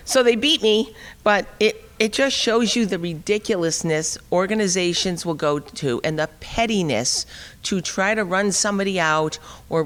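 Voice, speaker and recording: A middle-aged woman giving an animated, wry storytelling talk at a forum, acting out the dialogue as she goes. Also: fairly low pitch. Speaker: speaker at a liberty forum. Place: conference hall. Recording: long reverb of a hall.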